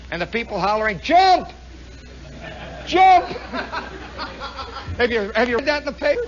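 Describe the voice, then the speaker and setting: High-voiced raconteur on old radio. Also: male voice, a little hiss or hum. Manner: animated, imitates roaring planes with shrieks. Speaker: radio storyteller. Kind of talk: spontaneous monologue storytelling. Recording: dull 1960s radio broadcast recording.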